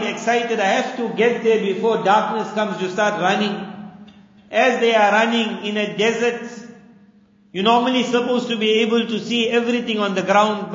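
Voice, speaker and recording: A man's voice: high voice, fairly bright tone. A man giving a sermon and telling a story, repeating words for emphasis. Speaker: preacher. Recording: dull echoey hall recording.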